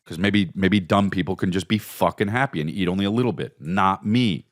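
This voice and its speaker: A man, hosting a podcast in a rambling, profane, comedic monologue that swings between low mutters and high excited bursts. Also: a little fast, no echo, studio quality. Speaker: podcast host.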